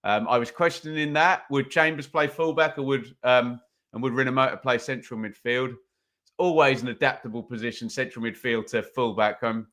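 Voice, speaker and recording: A man hosts a live football watch-along from a home streaming setup, talking into a desk microphone. His voice is bright and forward, and his pitch sits in a middle range. He chats loosely, reads out viewer comments and drifts into casual play-by-play.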